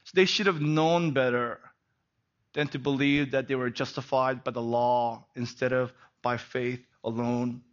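A middle-aged man preaching a sermon as pastor, animated and peppered with rhetorical "right?" asides. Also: medium pitch, measured pace, lo-fi sound.

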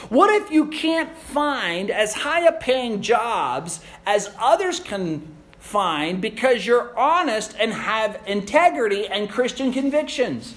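High-voiced man preaching earnestly. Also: very animated, takes it slowly, fairly bright tone. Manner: earnest, emphatic preaching with rhetorical questions. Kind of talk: sermon.

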